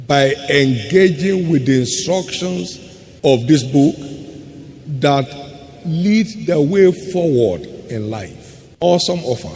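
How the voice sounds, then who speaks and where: A man preaching a sermon as pastor, emphatic, trading quick asides for slow, stressed words. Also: medium pitch, darkish tone. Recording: faint hum in a long-reverb hall.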